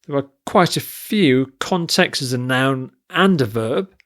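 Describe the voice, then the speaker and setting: An animated man with a mid-range, somewhat bright voice teaches an English vocabulary lesson. He goes slowly and deliberately, listing word forms, spelling out forms and stress, and reading example sentences with care.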